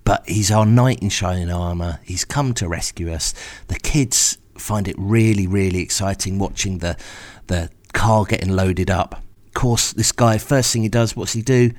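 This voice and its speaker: A man telling a first-person story in a wry, exasperated, animated way. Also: sits low, moderate pace. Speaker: podcast storyteller host.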